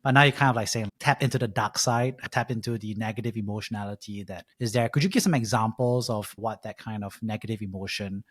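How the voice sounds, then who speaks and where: Quick-talking male podcast host. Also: lowish voice, a bit bright, slightly rough, no room sound, clean studio sound. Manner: casual, uses fillers like "like" and "kind of". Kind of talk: interview questions.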